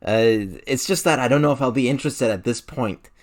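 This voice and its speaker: A man's voice: mid-range voice, fairly quick. A young man hosting a hockey podcast in casual chat, laid-back and hesitant with many fillers. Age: young adult. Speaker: podcast host.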